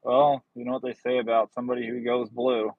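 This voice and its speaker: A man's voice: mid-range voice, flat delivery, brisk, no echo, narrow, tinny audio. A man livestreaming while driving deliveries, chatting casually and making joking, rambling asides from his car. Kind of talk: casual live-stream chat.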